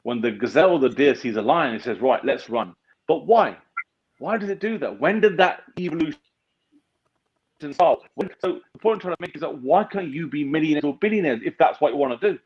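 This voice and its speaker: A man's voice: fairly high pitch, animated, a little fast, a little hiss or hum. A man, a business founder giving a blunt, emphatic motivational talk as an interview guest, swearing freely. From United Kingdom. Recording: dull lo-fi sound.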